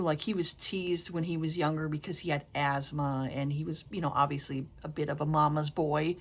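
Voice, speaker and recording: A woman's voice: low voice, fairly even intonation, fairly quick, hardly any pauses. A middle-aged woman reviewing books in casual chat, blunt and exasperated, with a habit of swearing. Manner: frank, exasperated and profane. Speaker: book reviewer.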